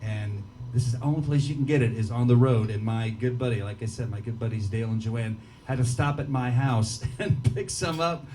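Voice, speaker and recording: A man's voice: medium pitch, a little fast, few pauses, darkish tone, slight background noise. A man with a Midwestern American accent chatting and joking with the crowd between songs at a small bar gig. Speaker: singer-songwriter on stage. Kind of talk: rambling on-stage banter between songs. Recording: live PA from a distance, guitar playing.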